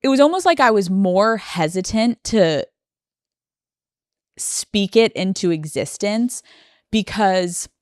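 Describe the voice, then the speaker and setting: An American woman in her thirties, a podcast host, gives a candid, emotional personal monologue while near tears. Her mid-range voice is expressive and slow with frequent pauses and many fillers, in a dry recording.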